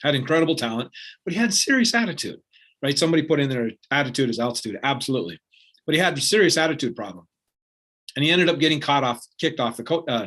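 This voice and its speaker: In a medium-pitched, slightly bright voice, a man delivers an earnest motivational talk in a conversational style. He often checks on his listeners, with frequent "right?" and "like."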